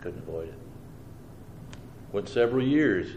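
Speaking at a measured pace, he has a lowish, darkish voice that stays expressive throughout. He's a preacher giving his personal testimony as earnest, homespun storytelling, playing out what he thought and how he answered. The audio is roomy, with a little background noise.

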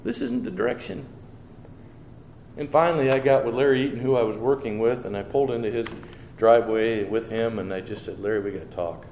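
A man's voice: mid-range voice, steady tone, fast talker, few pauses, a little mellow. Earnest man telling his testimony, roomy sound. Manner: earnest storytelling with homespun phrasing; acts out his own thoughts and replies. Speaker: preacher. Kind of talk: personal testimony. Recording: roomy with faint background noise.

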